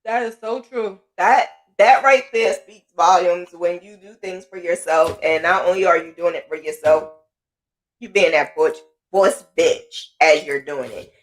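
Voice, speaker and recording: A woman's voice: fairly low pitch, unhurried. A woman hosting a podcast, telling her own story in casual talk and often repeating phrases for emphasis. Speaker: podcast host.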